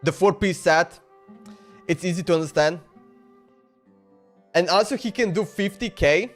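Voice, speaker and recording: A man's voice: sits high, unhurried, faint music behind. A male streamer chatting casually on a live stream, talkative and laughing, in broken English.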